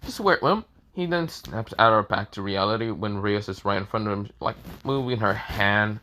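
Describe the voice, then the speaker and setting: A man's voice: lowish voice, lively intonation, normal speed, bright, forceful tone. Rambling man retelling a comic story. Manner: rambling, repeats "this is where, well". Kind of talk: casual story narration over comic panels.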